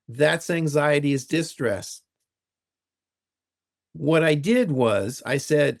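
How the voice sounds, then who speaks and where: A man's voice: fairly high pitch, slow, vocal fry, long pauses. An older man, a retired university teacher, explaining ideas methodically as an interview guest and spelling out key terms.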